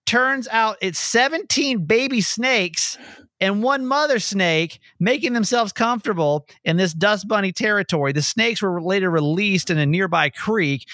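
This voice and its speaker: A young man from Georgia hosting a casual podcast, animated and quick with jokes. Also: high voice, no echo, studio quality. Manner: animated, laughing, quick asides. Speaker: podcast host. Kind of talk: casual chat.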